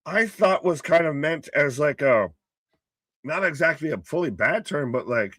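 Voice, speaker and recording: A man from the United States with a fairly high-pitched voice, chatting loosely and joking as he swears his way through reactions. His voice is recorded dry and close, with no room sound around it. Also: lively intonation, moderate pace, a bit bright, dry recording. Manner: joking, profane, loose analogies. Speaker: co-host. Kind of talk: casual live reaction chat.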